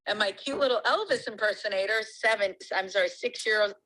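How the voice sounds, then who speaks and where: A woman telling a lively personal story as a guest on a call-in talk show. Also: medium pitch, fairly quick, low-quality recording. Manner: lively, animated storytelling with laughs. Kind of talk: casual storytelling.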